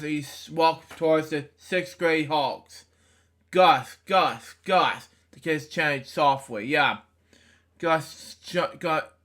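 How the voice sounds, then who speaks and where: A man reads a children's storybook aloud, stumbling and restarting words and tossing in casual comments as he turns pages. His voice is bright and a little high, and he takes it slowly. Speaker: storybook reader. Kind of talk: reading a children's book aloud with asides.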